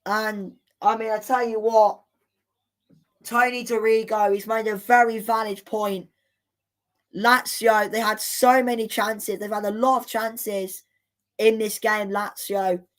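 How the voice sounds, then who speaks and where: A woman hosting a live football watchalong, commenting in an excitable, exclamatory way with indignant rants. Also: medium pitch, slow pace. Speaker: watchalong host.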